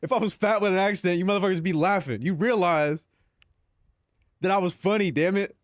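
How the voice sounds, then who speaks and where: A young man talking on a live stream in a slightly high voice, loose and profane, cracking jokes at chat. The sound is dry and close, straight into a desk mic. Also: brisk, dry recording. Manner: joking, profane, laughs at his own bits.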